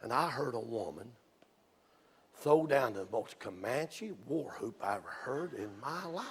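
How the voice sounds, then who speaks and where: A man preaching a sermon in a church, telling folksy stories that rise into excited shouts. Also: medium pitch, unhurried, a crowd in the background. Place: church sanctuary. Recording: long reverb from a church hall.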